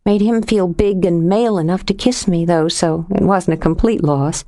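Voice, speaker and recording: A woman's voice: lowish voice, normal speed, dark tone, lightly acted. A woman voicing a wry, reassuring young woman friend in an audiobook reading. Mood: joking. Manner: reassuring, lightly joking.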